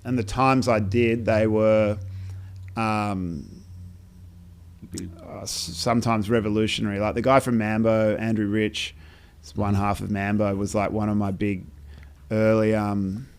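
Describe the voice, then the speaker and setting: This is an Australian man with a fairly low, smooth and clear voice. He is a founder chatting in a relaxed podcast interview, telling his stories with plenty of fillers and restarts. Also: unhurried. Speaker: brand founder, podcast guest. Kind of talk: casual interview chat.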